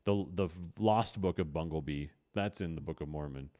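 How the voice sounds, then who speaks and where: A man's voice: a bass voice, normal speed, mellow. A man co-hosting a podcast in casual comedic chat, rambling with lots of "like" and restarts. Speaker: podcast co-host.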